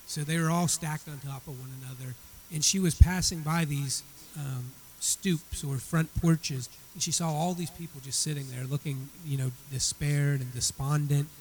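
A man's voice: on the high side, fairly even intonation, normal speed, darkish tone, a little hiss or hum, low-quality recording. A man teaching a church Bible study. He retells a story in a conversational way and often repeats words as he restarts his sentences.

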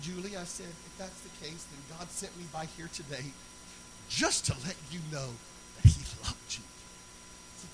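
A man preaching a sermon, moving between loud, sung exhortation and quiet, conversational storytelling. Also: a little high, noisy background.

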